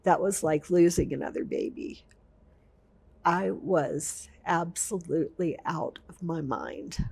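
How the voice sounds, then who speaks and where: Interview subject: woman veteran, low gravelly voice, emotional storytelling. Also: slow, a little mellow. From United States. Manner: emotional, vivid storytelling with repetition. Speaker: veteran telling her story.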